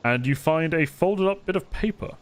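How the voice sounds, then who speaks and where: A man narrating a tabletop game as game master, relaxed and descriptive. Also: on the high side, normal speed, clear, resonant tone.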